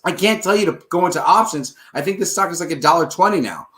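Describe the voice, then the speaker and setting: A confident man with a slightly higher voice walks through trade numbers in a casual advice monologue. He talks briskly and keeps checking in with his listener. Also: expressive, a bit bright. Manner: checks in with "all right?" and "okay?" often. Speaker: stock trading advice host.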